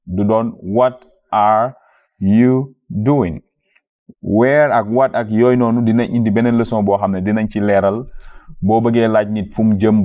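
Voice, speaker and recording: A man with a Wolof accent teaches a beginner class, repeating each phrase slowly and patiently before he explains it. His voice sits fairly low. The recording sounds dull and lo-fi. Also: dark tone. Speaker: language teacher. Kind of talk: beginner language lesson.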